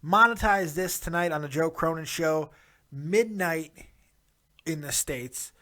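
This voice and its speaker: A man with a fairly high voice hosts a casual review vlog. He talks straight to his viewers, upbeat and rambling. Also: unhurried, bright, forceful tone. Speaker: wrestling show reviewer, host.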